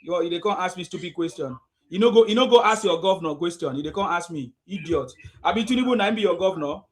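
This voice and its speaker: Loud insulting Nigerian male host. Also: high-pitched, expressive, quick pace. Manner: insulting, shouting, mocking laughter. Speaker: call-in show host. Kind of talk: combative live call-in chat.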